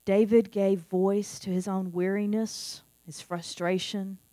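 A woman's voice: mid-range voice, steady tone, slow, mellow, no echo. A middle-aged woman delivers a sermon in an earnest, conversational voice, leaning on repeated phrases. The sound is dry and close. A faint mains hum runs underneath. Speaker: pastor.

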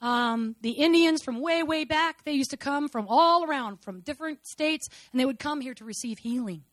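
A woman in her fifties giving a personal testimony in church, telling stories dramatically and swinging between soft and loud. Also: sits high, normal speed, no room sound.

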